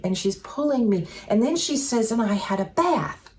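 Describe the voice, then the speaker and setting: A woman telling stories in an earnest, chatty way, full of fillers and with softly voiced quotes, as co-host of a casual talk. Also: fairly high pitch, expressive, moderate pace. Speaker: co-host sharing spiritual experiences. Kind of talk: casual storytelling chat.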